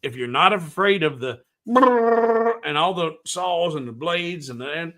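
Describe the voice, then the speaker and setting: This is a man hosting a casual live tutorial from a home workshop, his voice pitched a touch above most men's. He rambles in a folksy, unhurried way. He hums little tunes to himself while working and reads viewer comments aloud before answering them. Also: bright, forceful tone. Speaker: woodworking livestream host.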